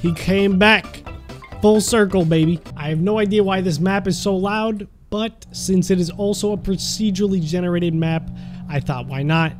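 Hyped young guy yelling at game characters, high voice, music going behind. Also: moderate pace. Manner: excitable, laughing, talks to game characters. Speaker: gaming YouTuber. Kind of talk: gameplay commentary.

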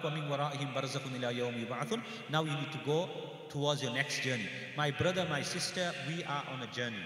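A man delivering an exhorting sermon at a large gathering. He fires off rhetorical questions, repeats key phrases, and recites Arabic verses quickly. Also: high-pitched, pushed and bright. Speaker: mufti giving a graduation lecture. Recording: echoey hall, voice from a distant mic.

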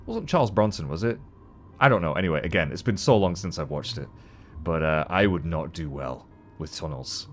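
A man giving chatty, animated gameplay commentary as a let's play host, swearing casually. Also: low voice, a little fast, soft background music.

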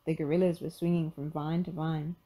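A woman reading a children's picture book aloud in an expressive storytelling manner. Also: low-pitched, a little fast, low-quality recording.

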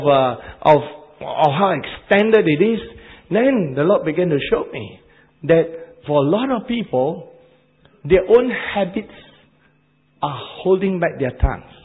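A man with an Asian accent preaching a sermon, animated and repetitive, laughing at his own jokes. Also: a little high, narrow, tinny audio.

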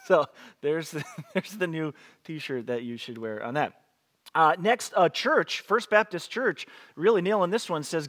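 A pastor delivers a relaxed online sermon in a slightly high voice. He talks in a chatty, joking way and laughs between readings. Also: a little slow. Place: church, streamed online.

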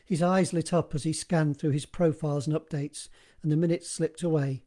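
A man narrating his own horror story in a steady, measured reading, recorded in one live take. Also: a little high.

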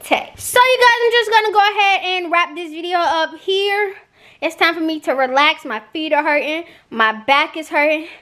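A woman's voice: extremely high pitch, normal speed, bright, forceful tone. A woman vlogging casually with her partner, playful and teasing, talking straight to viewers and sounding a little out of breath. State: out of breath, tired. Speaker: vlogger co-host. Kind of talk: casual couple vlog.

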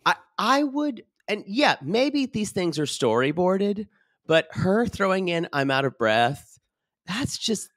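A man's voice: high-pitched, takes it slowly, no echo, clean studio sound. A man co-hosting a casual podcast, chatting and laughing as he recaps a reality show. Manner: animated, laughs often, acts out quotes. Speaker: podcast co-host.

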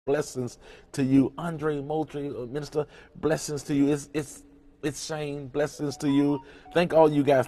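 A man's voice: mid-range voice, mellow. A male pastor preaching to an online congregation, emphatic, repeating key phrases and greeting listeners by name between points.

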